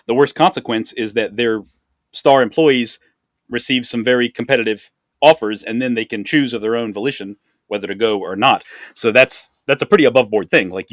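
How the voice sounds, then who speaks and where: A male podcast host asks careful, considered follow-up questions. His medium-pitched voice sits dry and close, with no room sound around it. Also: no echo. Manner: thoughtful, measured questioner. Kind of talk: interview questions.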